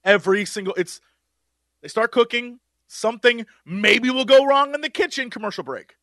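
Lively high guy on a podcast, bright voice, dry close mic. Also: normal speed, no room sound. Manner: animated, acts out quotes in big voices. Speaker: podcast co-host. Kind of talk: casual chat.

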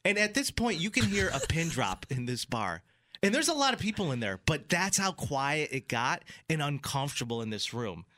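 A man's voice: on the high side, normal speed, dry recording, studio quality. A man in casual chat, animatedly telling a story and acting out the people in it. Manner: animated, acts out other people's voices in his stories.

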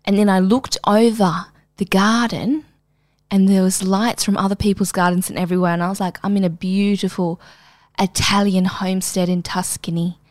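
A woman's voice: mid-range voice, moderate pace, no echo, clean studio sound. A young woman co-hosting a podcast, telling crude stories in casual chat with lots of laughter. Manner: lively, crude, laughing storyteller. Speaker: podcast co-host.

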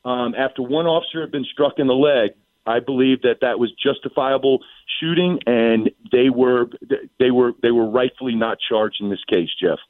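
A man's voice: mid-range voice, normal speed, dry recording. A man calling in as a guest commentator on a radio talk show, laying out his points in an assertive, methodical way. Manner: assertive, methodical, addresses host by name. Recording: tinny phone-line sound.

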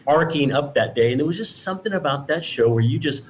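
A man's voice: fairly high pitch, animated, quick pace, dull audio, slight background noise. A man, a guest on a radio show, chatting casually and effusively, rambling with restarts and praise. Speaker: guest presenting T-shirts.

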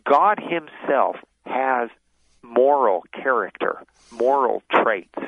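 A man's voice: mid-range voice, lively intonation, slow, dry recording. A man who is a guest author on a radio interview, explaining his ideas at length with many restarts. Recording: tinny phone line.

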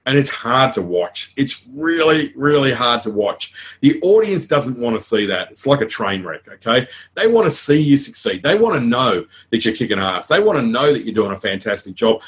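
An Australian man coaches an audience on public speaking in a frank, energetic way. He moves briskly from tips to stories and throws in casual asides. His voice sits at a middling pitch for a man. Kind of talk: conference talk.

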